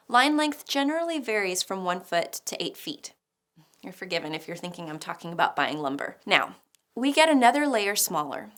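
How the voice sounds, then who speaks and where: A woman giving a scripted educational narration about poetry, explaining clearly with a light touch of humor. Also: medium pitch, fairly bright tone. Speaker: teacher.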